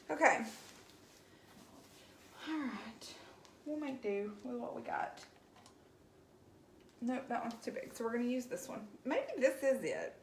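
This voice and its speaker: A chatty, gasping woman talks to her viewers while painting, in a high, sweeping, lively voice. She speaks at an unhurried pace. Her voice rings in an echoey home room with faint background noise. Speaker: craft painter hosting a livestream. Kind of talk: casual live painting chat.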